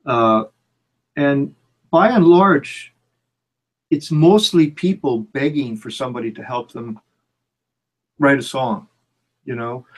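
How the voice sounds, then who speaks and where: A middle-aged man, a songwriter and producer, talking casually about songwriting, often repeating his words as he starts sentences over. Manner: halting, repeats words, lively swings in pitch. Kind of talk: casual chat.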